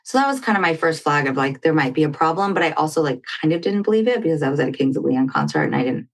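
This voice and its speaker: A woman's voice: low-pitched, quick pace. A woman guest on a talk show, telling a personal story in conversation and acting out what others said. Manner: animated storytelling, acting out quoted dialogue. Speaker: podcast guest.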